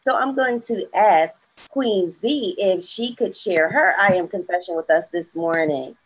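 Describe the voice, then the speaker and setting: A woman with a slightly husky voice hosts a motivational morning show. She sounds upbeat and encouraging and laughs easily. She is heard over a video call. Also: medium pitch, unhurried, low-quality recording. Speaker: host.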